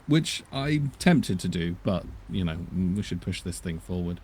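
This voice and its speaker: A man's voice: lowish voice, moderate pace, few pauses, a little mellow. A man playing a tabletop game, casual and laughing, swearing offhandedly. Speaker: player.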